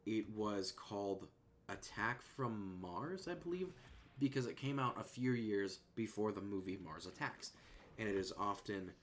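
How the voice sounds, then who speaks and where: A man chats on a stream in a relaxed, rambling way, his voice sitting a little low. His sentences often drift and trail off softly as he thinks aloud. He sounds close to a desk microphone. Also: a little slow. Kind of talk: casual chat.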